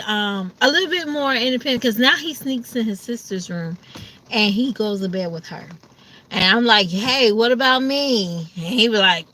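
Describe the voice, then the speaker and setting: A woman's voice: a little high, bright, forceful tone. A woman chatting casually to her viewers, sleepy and ready for bed, acting out her family's voices now and then. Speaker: vlogger. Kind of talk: casual chat to camera.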